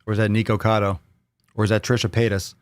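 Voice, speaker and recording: Casting: American man, livestream host, lowish voice, loose joking banter, dry close sound. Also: level tone, fast talker, no echo. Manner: rambling, repeats himself, joking banter with chat. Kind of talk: casual live Q&A chat.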